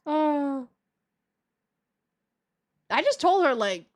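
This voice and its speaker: A woman's voice: high voice, huge pitch swings, very slow. A young woman streaming, chatting casually to her viewers, self-mocking and laughing often as she acts out conversations.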